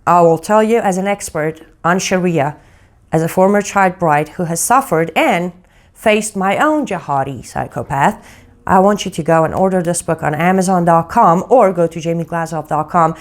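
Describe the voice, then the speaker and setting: A woman's voice: on the low side, normal speed. A woman reading a scripted promo in an urgent, exhorting manner. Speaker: promo announcer. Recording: faint music behind the voice.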